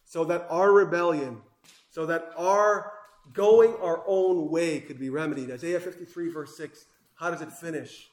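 A man preaches with high-pitched fervor, pressing his points hard and then dropping to near hushes. His voice rings in an echoey room as he delivers the sermon. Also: a little slow. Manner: impassioned, swings between loud emphasis and hushed asides.

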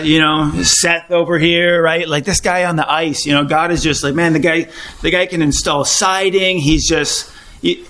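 A man with a slightly high voice and a sharp tone preaches an informal sermon to a small congregation. The delivery is conversational, broken by restarts and frequent throat clearing.

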